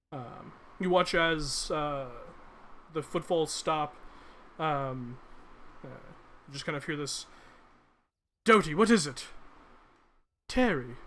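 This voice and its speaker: Bright-voiced man narrating a tabletop game. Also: a little high, slight background noise. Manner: hesitant, many fillers. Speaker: game master.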